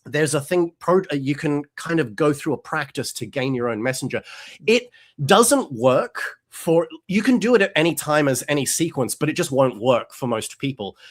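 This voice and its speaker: A man's voice: fairly high pitch, moderate pace. A man in casual conversation as the host, talking with energy and slipping into little voices for characters. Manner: animated, acts out quoted characters, frequent restarts. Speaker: podcast host. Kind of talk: casual chat.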